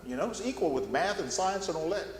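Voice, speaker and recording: A man's voice: sits high, lively intonation, fast talker, echoey room, in a large hall, a little hiss or hum. An older man giving a folksy, rambling Bible class talk, often repeating words as he goes. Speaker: guest speaker at a Bible class. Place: church classroom.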